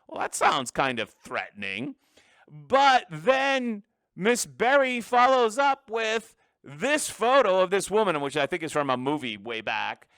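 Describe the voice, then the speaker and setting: Guy hosting his own commentary show, opinionated and punchy, smooth clear voice, dry close sound. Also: high voice, sing-song, unhurried, fairly bright tone, no room sound. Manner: emphatic, opinionated, with frequent restarts. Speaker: political commentary show host. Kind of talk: solo political commentary.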